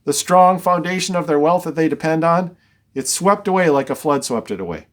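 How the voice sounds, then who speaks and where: Wry Bible teacher with a higher voice. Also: male voice, animated, a little fast. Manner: reads scripture then explains it conversationally, with dry wry asides. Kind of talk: verse-by-verse Bible study.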